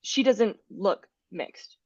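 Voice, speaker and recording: A woman's voice: medium pitch, animated, very slow, darkish tone, no room sound, highs cut off. A woman from the United States, a podcast guest, telling personal stories in a chatty, laughing way. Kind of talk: casual podcast chat.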